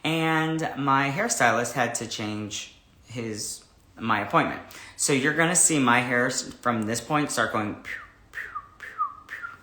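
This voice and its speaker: A man hosting a livestream, greeting viewers and chatting in a rambling, animated way before an interview. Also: mid-range voice, a little slow, reverberant. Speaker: host. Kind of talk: casual livestream chat.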